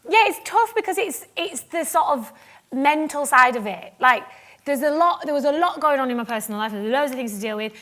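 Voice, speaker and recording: Chatty high-voiced woman. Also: expressive, brisk, a bit bright. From Cumbria, England. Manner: chatty, self-mocking, laughs often, acts out quoted remarks. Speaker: guest author on stage. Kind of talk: animated live stage interview. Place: festival stage before an audience. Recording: live stage mic with audience ambience.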